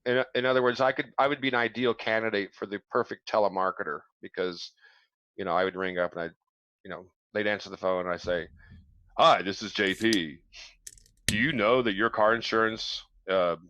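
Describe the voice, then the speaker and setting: A man's voice: lowish voice, steady tone, fairly quick, bright, forceful tone, no room sound. A man hosting a casual live-stream chat show, joking and rambling. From mix of New York and Midwest. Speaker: show host. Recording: dull lo-fi stream audio.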